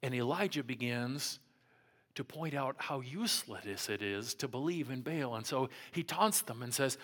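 A man pastor preaching a sermon, telling a Bible story with dramatic swings from loud taunting lines to hushed, near-whispered ones. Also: mid-range voice, lively intonation, normal speed.

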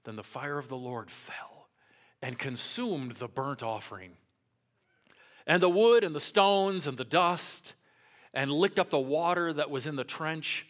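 A man preaching a sermon with a slightly high voice. He acts the story out as he goes, climbing to loud taunts and then sinking to a hush. It sounds like a pastor in full storytelling mode. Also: lively intonation, unhurried. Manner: dramatic storytelling, swinging from loud taunts to hushed near-whispers.

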